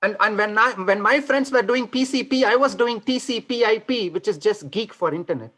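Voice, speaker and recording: A man from India with an Indian accent, performing a stand-up set of deadpan one-liners over a video call. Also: sits high, brisk. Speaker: stand-up comedian. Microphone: computer mic on a video call.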